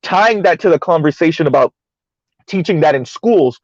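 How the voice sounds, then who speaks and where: A man with a fairly high voice makes long, emphatic points in a casual panel chat, circling back and restarting as he goes. The sound is dry and a little dull, like call audio. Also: animated, normal speed, no room sound. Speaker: podcast panelist.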